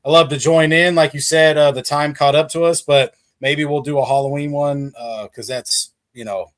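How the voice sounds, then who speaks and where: A man's voice: on the high side, steady tone, normal speed. A man who is a guest on a livestream, chatting casually and enthusiastically with lots of fillers. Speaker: guest creator.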